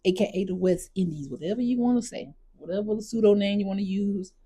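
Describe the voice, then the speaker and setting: A woman's voice: medium pitch, quick pace, mellow, slightly rough, no room sound. A woman vlogger talking straight to camera in a blunt, emphatic rant, repeating her points. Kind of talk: casual direct-to-camera rant.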